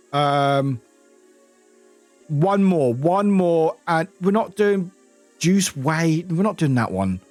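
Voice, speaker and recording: A man with a British accent, chatting casually as a streamer while playing a game, excitable, laughing often, swearing and breaking into high shouts.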